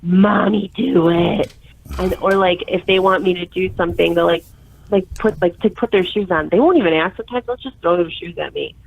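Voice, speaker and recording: A woman chatting casually as a podcast guest, a stay-at-home mom who acts out her kids and herself with lively energy. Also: lowish voice, fast talker, gravelly, low-quality recording. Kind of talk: casual chat.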